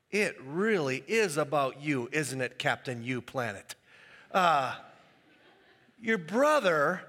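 A man preaching a sermon as pastor, animated and acting out the quoted voices. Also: a little high, long reverb tail.

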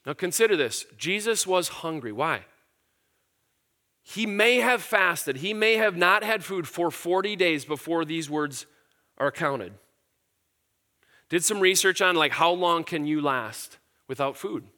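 A middle-aged pastor with a higher, sharp-toned voice and lively intonation preaches an unhurried, conversational sermon. He explains scripture earnestly and casually, using fillers and repeating words.

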